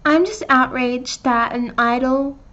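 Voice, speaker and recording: A woman's voice: high-pitched, slow pace, bright, forceful tone. A woman telling an emotional story time vlog, earnest and hesitant. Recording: dull lo-fi clip audio.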